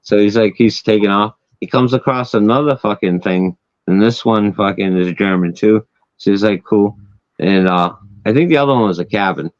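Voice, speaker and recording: A man hosting a loose, casual chat, spinning a long story full of swearing and chuckling at his own punchlines. His voice sits on the low side. The recording is dry and a little dull and lo-fi. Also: a little mellow, no echo. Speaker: host.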